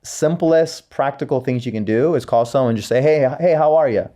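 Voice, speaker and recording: Male podcast host, warm and mellow, reflective coaching manner. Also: medium pitch, fairly quick. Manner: reflective, coaching tone, repeats words. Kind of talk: casual podcast conversation.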